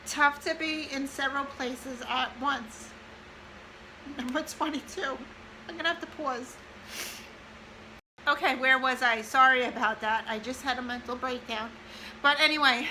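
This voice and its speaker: A woman in her forties, a mother, reads an old handwritten list aloud, speaking slowly and crying at moments. Her voice sits high and sounds very bright. A faint hiss sits under the recording. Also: low-quality recording. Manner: tearful, pausing to compose herself. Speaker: mother of triplets reading her old notes. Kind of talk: casual vlog, reading a list aloud.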